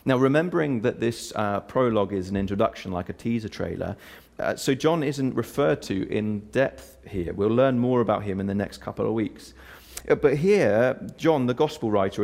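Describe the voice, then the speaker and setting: A male pastor with a somewhat low voice walks through a Bible passage verse by verse. He sounds earnest and explanatory, with frequent "uh"s and small restarts. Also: expressive, normal speed, gravelly, a little mellow. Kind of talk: sermon.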